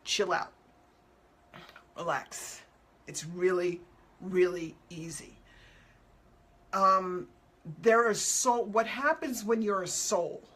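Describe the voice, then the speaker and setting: A woman's voice: on the low side, slow, long pauses, a bit bright. A woman hosting a show as an animal communicator, chatting casually and upbeat with viewers, answering their questions in loose, repetitive phrasing and acting out quotes playfully.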